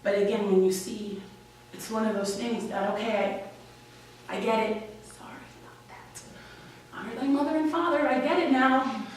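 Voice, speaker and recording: Young woman from New York, candid and wry storyteller at a live slam; high-ish, heard from afar in a reverberant room. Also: normal speed, a little hiss or hum. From Washington Heights, New York. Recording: echoey room, distant mic, faint ambience.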